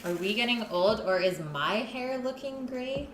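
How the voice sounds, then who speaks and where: A woman's voice: on the high side, lively intonation, unhurried, fairly bright tone, roomy sound, a little hiss or hum. A woman hosting a live cooking stream, chatting casually with her viewers and her partner while she cooks. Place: home kitchen.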